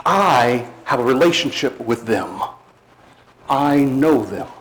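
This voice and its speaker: A man preaching a sermon, emphatic, slowing down on key words and dropping low at the end of phrases. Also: lively intonation, fairly bright tone, low-quality recording.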